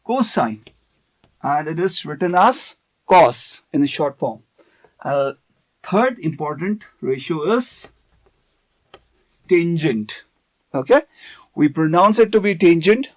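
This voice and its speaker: A man teaching a math lesson on video, explaining step by step and often checking in with "okay". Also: sits high.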